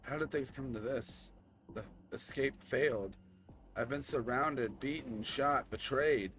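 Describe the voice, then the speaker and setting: A young man reading a story game aloud, slow narration broken by shocked outbursts. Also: mid-range voice, a bit bright. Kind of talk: dramatic game read-through.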